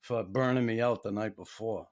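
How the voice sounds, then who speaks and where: A man's voice: lowish voice, normal speed. An older man hosting a podcast, telling profane anecdotes in casual chat and laughing as he goes. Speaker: podcast host.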